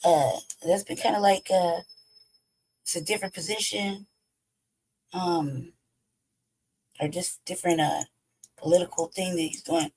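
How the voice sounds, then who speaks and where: A woman hosting a livestream in a casual, rambling way, hoarse from losing her voice and often pausing to search for words. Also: on the low side, fairly even intonation, a little mellow, slight background noise, poor audio. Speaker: host. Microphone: home streaming setup.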